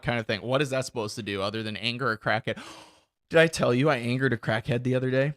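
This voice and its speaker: A man's voice: medium pitch, fast, a bit bright. A young man hosting a podcast, chatting casually and telling blunt, profane stories. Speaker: podcast host. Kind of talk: casual chat.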